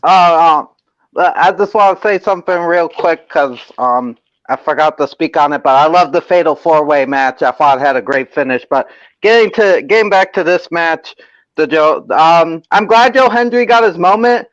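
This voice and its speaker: A man's voice: fairly high pitch, normal speed, fairly bright tone, dry recording, dull audio. A man chatting easily on a podcast, thinking aloud. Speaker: podcast co-host. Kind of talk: casual chat.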